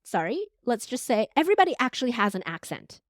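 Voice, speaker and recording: A woman guest on a podcast interview, a voice coach talking in an expressive, animated conversational way. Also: fairly high pitch, quick pace, dry recording, studio quality. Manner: expressive, animated, uses air quotes verbally.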